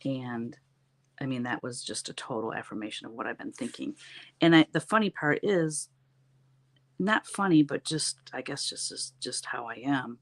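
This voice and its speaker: A woman's voice: a bass voice, moderate pace. Middle-aged woman, talkative craft-stream host, rambling storyteller, laughs a lot. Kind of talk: casual chat with viewers while painting.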